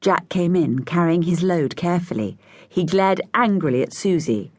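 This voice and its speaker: A woman narrating a children's story, voicing each child with a higher, brighter pitch. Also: normal speed, no room sound, clean studio sound. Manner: lively, voices each child with raised pitch. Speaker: audiobook narrator.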